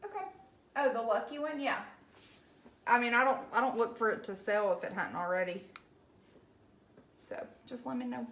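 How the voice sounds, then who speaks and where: A woman's voice: on the high side, normal speed, long pauses, a bit bright, echoey room. A woman from Alabama with a Southern accent, chatting casually on a livestream as she paints and answers viewer comments in a folksy way. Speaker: craft livestream host.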